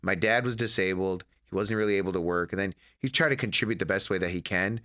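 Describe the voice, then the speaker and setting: Guy from detroit, comedian chatting on a podcast, kinda low but bright edgy voice, tells stories all animated. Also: quick pace. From Detroit, USA. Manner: animated storyteller, acts out his mother's lines. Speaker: comedian guest. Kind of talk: casual interview chat.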